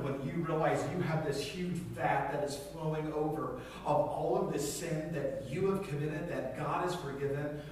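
A male preacher with a fairly high voice delivers an animated, conversational sermon and acts out scenes in different voices. He sits well back from the mic in a very echoey church hall, and faint noise hangs under his words. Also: recorded from a distance. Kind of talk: sermon with storytelling.

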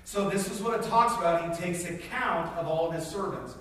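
A man preaching a sermon in a conversational, animated way, telling stories and acting out scenes in different voices. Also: high voice, fairly quick. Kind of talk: sermon with storytelling. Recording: very echoey hall, distant mic, faint noise.

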